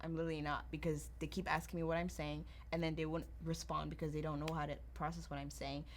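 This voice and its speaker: A young woman from Nigeria, now speaking, hosting a casual chat and telling lively stories in which she acts out quoted voices. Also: sits low, quick pace. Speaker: podcast host.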